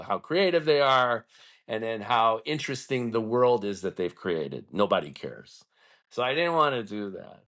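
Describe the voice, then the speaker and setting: A man's voice: lowish voice, fairly bright tone. Podcast host, man, blunt and profane, casual ranting storyteller.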